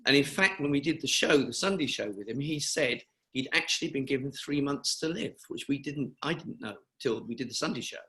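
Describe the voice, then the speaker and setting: A man's voice: medium pitch, normal speed, creaky, sharp tone. An older man from England, telling anecdotes at length in a rambling, chatty way on a video call interview. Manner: chatty, rambling, with frequent fillers and restarts. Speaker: interviewee, cancer charity founder. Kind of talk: webinar interview, anecdotal storytelling.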